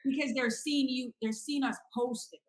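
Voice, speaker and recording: A woman's voice: sits high, steady tone, moderate pace. A woman co-hosting a podcast in a casual conversation, chiming in with short, supportive agreement. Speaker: podcast co-host.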